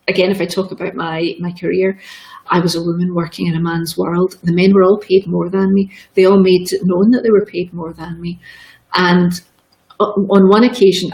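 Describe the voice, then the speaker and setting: A middle-aged woman appears as a guest, sharing personal stories openly and emotionally and often repeating words. Her voice is lowish with a darkish tone, and the recording quality is low.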